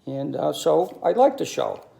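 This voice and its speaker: A man, telling stories in a halting monologue full of ums and uhs. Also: on the high side, very animated, vocal fry, dark tone. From New York City. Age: 60s. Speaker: video commentator. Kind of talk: monologue to camera.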